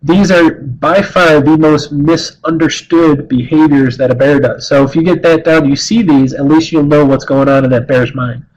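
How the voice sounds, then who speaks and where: A middle-aged man with a slightly raised pitch teaches in an earnest, conversational way. He often trips over his words and restarts a phrase before pressing on. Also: steady tone, moderate pace, few pauses, darkish tone, muffled recording. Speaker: wildlife educator. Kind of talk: informal talk on bear behavior.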